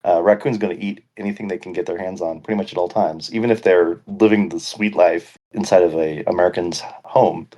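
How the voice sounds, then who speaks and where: A man's voice: low voice, fairly even intonation, fairly quick, few pauses, mellow, lo-fi sound. A man co-hosting a casual podcast chat, joking and rambling, laughing often. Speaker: podcast co-host.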